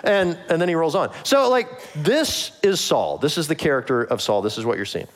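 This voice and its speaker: A man's voice: a little high, lively intonation, moderate pace. A man preaching a casual sermon, reading scripture and acting out the characters in a joking, modern voice, laughing often. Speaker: pastor.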